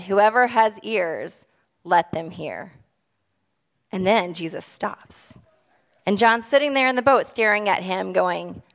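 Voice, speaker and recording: A woman preaching a sermon, retelling a Bible passage as a story. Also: medium pitch. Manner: storytelling scripture reading. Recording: long hall reverb.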